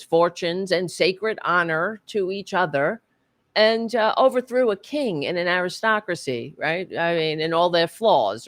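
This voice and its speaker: Woman, american, podcast panelist, heated and profane, low-ish pitch, dry sound. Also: no room sound. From United States. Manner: impassioned, profane ranting with restarts. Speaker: book club panelist. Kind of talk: podcast discussion.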